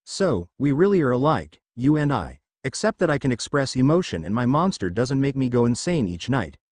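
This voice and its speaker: A man's voice: mid-range voice, big pitch swings, moderate pace, a little mellow, no room sound, clean studio sound. A man voicing a brash, blunt teenage boy ninja in a fan story reading who grumbles and teases.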